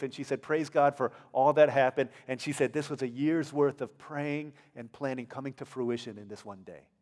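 A male pastor with an American accent giving a conversational sermon, playfully acting out the people in the story. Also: mid-range voice. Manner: conversational, acts out characters in playful voices. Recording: long hall reverb.

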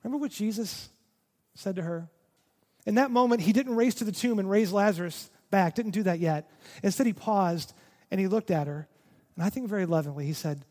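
A man's voice: high voice, a little fast, a little mellow, big-room sound. A man preaching a sermon as pastor, earnest, often repeating words for emphasis.

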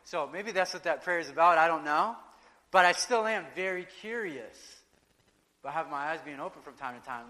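A man preaching a sermon in a conversational, animated way, acting out quotes and asides. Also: on the high side, brisk. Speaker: pastor. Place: church sanctuary. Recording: long reverb of a large hall.

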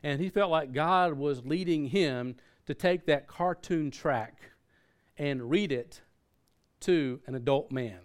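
A man's voice: fairly high pitch, takes it slowly, clean tone. A man preaching a sermon in a conversational way, often restarting his sentences and using fillers. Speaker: pastor.

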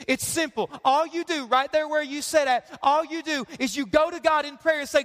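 A man's voice: very high-pitched, fairly quick, hardly any pauses, a bit bright, long reverb tail. A man preaching a sermon with passionate, repetitive emphasis that builds. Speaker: pastor.

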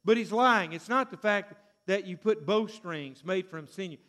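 A male preacher delivering a dramatic sermon, swinging between hushed asides and loud emphasis. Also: high voice, moderate pace.

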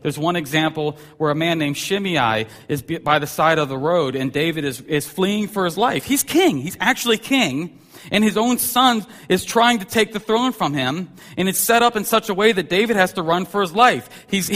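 Animated pastor in a reverberant hall. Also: male voice, medium pitch. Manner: animated storytelling, voice rising sharply for emphasis. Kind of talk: sermon.

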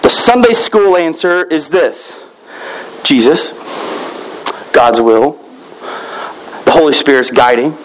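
A man's voice: a little high, big pitch swings, slow pace, pauses often, slight background noise, rough recording. A man preaching a conversational sermon as a pastor, joking with the congregation and acting out little quoted exchanges.

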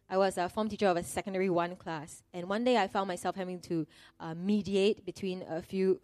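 A woman's voice: mid-range voice, darkish tone, no room sound. A middle-aged woman, preaching a sermon in an earnest, conversational way with self-deprecating humor.

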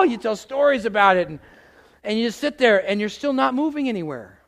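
A middle-aged male pastor preaching a sermon, animated, asking the congregation questions and acting out exasperated outbursts. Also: high-pitched, quick pace, creaky. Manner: animated, acts out exasperated voices with loud outbursts.

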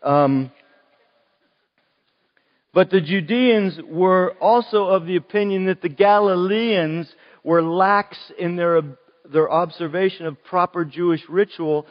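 Western Pennsylvanian male pastor, chatty sermon delivery, lingering church echo. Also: high-pitched. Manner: conversational preaching, slows on key words. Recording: dull, long church reverb.

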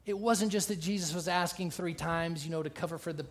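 A pastor preaching a sermon, emphatic, swinging between quiet asides and loud, passionate stretches. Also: male voice, fairly high pitch, fairly quick.

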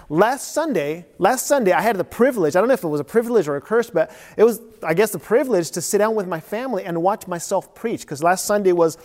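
A man's voice: high-pitched, a little mellow. A man preaching a sermon as pastor, in a conversational, self-deprecating way, often repeating words while he thinks. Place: empty church. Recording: long reverb of a large empty church.

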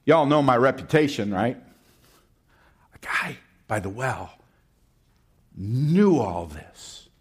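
A male preacher voicing a boastful village woman who tells everyone her news, breezy and animated with big leaps in pitch. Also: takes it slowly, long pauses, breathy edge, full character voice.

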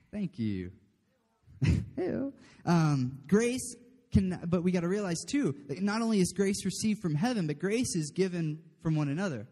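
A man's voice: high-pitched, very animated, a little slow, mellow. A man preaching a casual, chatty sermon, often checking in with the room. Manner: chatty, asks the room "okay?", laughs often. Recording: long hall reverb.

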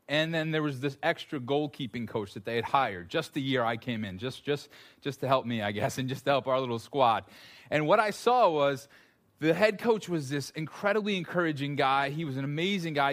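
A man's voice: fairly high pitch, a bit bright. A man preaching a sermon to a congregation, telling stories with self-deprecating jokes. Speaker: pastor.

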